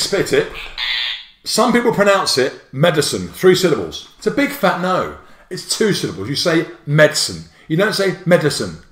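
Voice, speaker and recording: Male teacher, jokey and animated, livestream spelling lesson, roomy echo. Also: a little high. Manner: bouncy, jokey, playful asides.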